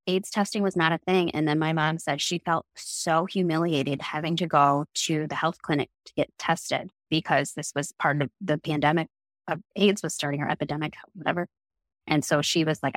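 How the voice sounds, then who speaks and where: Earnest, reflective woman with a low voice. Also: moderate pace, no room sound. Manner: earnest, reflective, lively when quoting others. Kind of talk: candid conversational storytelling.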